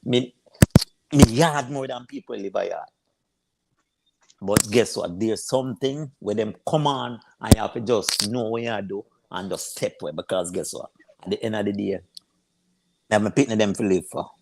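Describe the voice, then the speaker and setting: Jamaican man, panelist, gravelly, repeats himself, noisy line. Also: fairly low pitch, moderate pace. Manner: repeats words, gives blunt advice. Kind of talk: casual panel chat.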